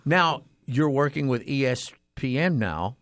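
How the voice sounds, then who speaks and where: A man hosting a morning radio show, drawling, jokey and lively. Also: mid-range voice, measured pace, no echo. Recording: radio studio with music behind.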